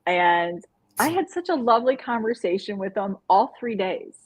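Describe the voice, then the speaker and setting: Breathy woman co-hosting a live chat. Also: mid-range voice, normal speed, poor audio. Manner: animated, laughing, rambling. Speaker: co-host. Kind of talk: casual live-stream chat.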